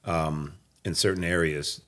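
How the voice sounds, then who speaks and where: A man's voice: rumbling low, fairly even intonation, measured pace, fairly bright tone. A man in his fifties from Nebraska, a guest actor telling stories in a casual interview, emphatic and laid-back. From Nebraska, USA.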